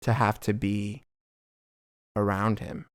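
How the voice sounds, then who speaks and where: A young man co-hosting a podcast, talking in a supportive, halting way with many fillers. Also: on the low side, flat delivery, clear, resonant tone, dry recording. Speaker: podcast co-host. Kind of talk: casual podcast chat.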